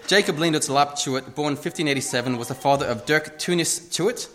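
A man's voice: a little high, brisk, fairly bright tone. A man giving a casual, self-deprecating sermon into a lectern microphone in a church. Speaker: lay preacher. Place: church hall.

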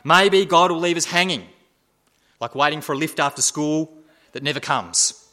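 A man preaching with a bright, forceful tone and a fairly high voice. He keeps repeating rhetorical questions and moves from loud emphasis to hushed, quiet asides. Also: moderate pace. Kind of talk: sermon.

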